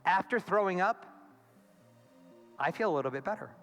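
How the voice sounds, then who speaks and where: A high-voiced man, a therapist, gives a conference keynote on a stage mic in a large hall, speaking at a moderate pace and animatedly acting out quoted voices. The recording carries long hall reverb and faint music.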